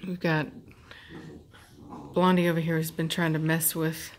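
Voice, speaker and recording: Woman dog breeder, casual home vlog narration, slightly low pitch, amused and chatty. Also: little pitch movement, measured pace, a little hiss or hum. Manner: chatty, amused, laughs often. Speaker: dog breeder filming her dogs. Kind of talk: casual running commentary. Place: home with dogs playing nearby.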